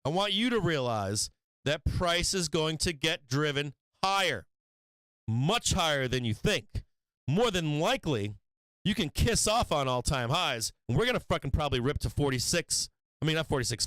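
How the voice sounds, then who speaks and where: High-voiced guy swearing through a stock market rant, super animated, dry close sound. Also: moderate pace, dry recording. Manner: profane, fired-up, emphatic. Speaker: stock market live stream host. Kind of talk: heated market commentary rant.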